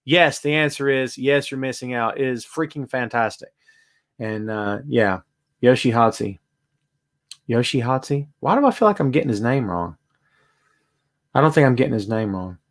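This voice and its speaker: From a home room with a bass amp in it, a man hosts a casual wrestling podcast streamed live, chatting and greeting viewers by name. His voice is medium-pitched at normal speed, with long pauses.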